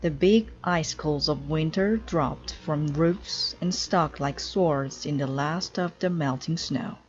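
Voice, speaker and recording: Low, slow woman reading a storybook. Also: dull audio. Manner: clear, deliberate storytelling. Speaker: storybook reader. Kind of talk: children's read-aloud narration.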